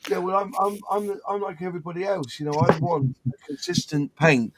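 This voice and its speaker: A man's voice: high-pitched, fairly quick, crowd noise. Rambling man chatting. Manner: rambling, self-correcting, explains his paint mixing. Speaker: co-host of a modelling live chat. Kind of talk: casual chat.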